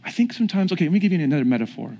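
Telling stories and questioning his listeners, this male pastor preaches with a fairly high, mellow voice that is very animated and very fast. Long hall reverb surrounds him.

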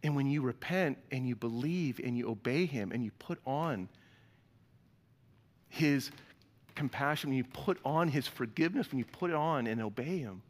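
A man's voice: mid-range voice, lively intonation, normal speed, in a large hall. A man preaching a sermon in a large church, telling stories and acting out the people he quotes in playful voices. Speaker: pastor.

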